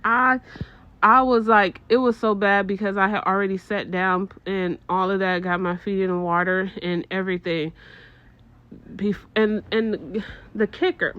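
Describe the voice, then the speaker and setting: A middle-aged woman telling a casual story to her viewers, animated and swearing, with exaggerated disgust. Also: mid-range voice, measured pace, clean tone, lo-fi sound.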